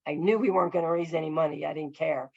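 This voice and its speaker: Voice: medium pitch, steady tone, fast talker, creaky, dry recording, muffled recording. A filmmaker telling a long story over a video call, earnest and rambling, with many fillers and restarts. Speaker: filmmaker guest.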